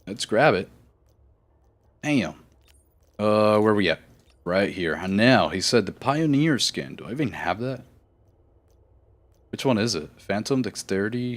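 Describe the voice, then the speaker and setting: A man streaming a game live, chatting casually in a rambling, self-correcting way and laughing easily. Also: lowish voice.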